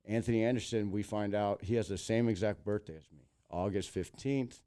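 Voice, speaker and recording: A man in his thirties tells stories as a guest in a casual interview, animated and fond of acting out what people said. His voice sits low, with a dark, mellow tone. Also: brisk, clean tone. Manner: animated, acts out quotes in big voices. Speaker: guest, entertainer.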